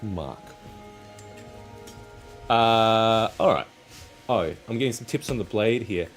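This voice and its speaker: A man's voice: on the low side, measured pace. A man hosting a casual live stream while crafting, chatting in a rambling, self-correcting way. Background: faint background music.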